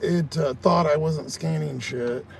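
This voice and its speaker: A man's voice: fairly high pitch, a little slow, vocal fry, noisy background. A man chatting casually in a vlog, grumbling and swearing as he tells a story and works outdoors by his vehicle. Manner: grumbling, swears a lot while ranting. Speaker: vlogger.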